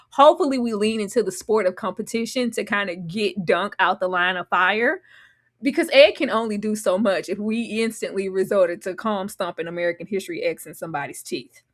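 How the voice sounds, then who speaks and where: A woman guest on a live episode discussion, talking in an animated, dramatic way with slangy asides. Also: mid-range voice, a little fast. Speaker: guest co-host.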